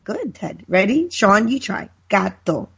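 A middle-aged woman on a podcast, chatting in a friendly way and telling drawn-out stories. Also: medium pitch, husky, muffled recording. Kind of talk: casual chat.

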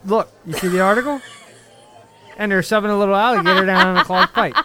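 A man's voice: high voice, fast talker, crowd noise. A man co-hosting a podcast in casual chat. He is playful and often laughs while he talks. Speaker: podcast co-host. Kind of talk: casual chat, reading news clippings aloud.

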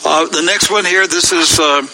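A man's voice: a little high, normal speed, bright, forceful tone, slight background noise, rough recording. A man hosting a talk show, commenting emphatically on news clips and rising into pleading, preachy outbursts. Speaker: show host.

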